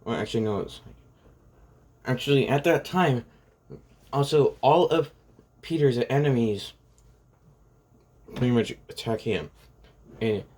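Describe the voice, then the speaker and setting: A man's voice: mid-range voice, expressive, measured pace, long pauses, darkish tone. A man casually retelling a fan-made story in a rambling way, full of fillers. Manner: rambling, full of "like" and "pretty much".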